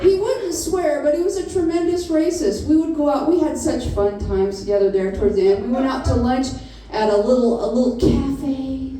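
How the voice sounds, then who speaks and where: A woman's voice: sits high, brisk, dark tone, recorded from a distance, faint music behind. A woman in her fifties doing a stand-up comedy set, telling blunt, profane stories on a comedy venue stage. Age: 50s. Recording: echoey room picked up from afar.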